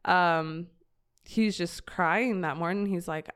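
A woman's voice: fairly low pitch, fairly even intonation, a little slow, fairly bright tone, clear, resonant tone. A woman earnestly sharing a heartfelt personal story in conversation, with many fillers and restarts. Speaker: guest sharing a mission trip story. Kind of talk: reflective personal testimony in conversation.

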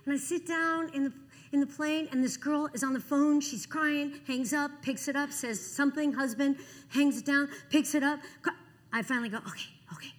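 A woman in her sixties giving a lively testimony sermon, acting out the people in her stories. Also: sits high, moderate pace, big-room sound. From Cleveland. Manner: animated storytelling, acting out dialogue. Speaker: Christian speaker.

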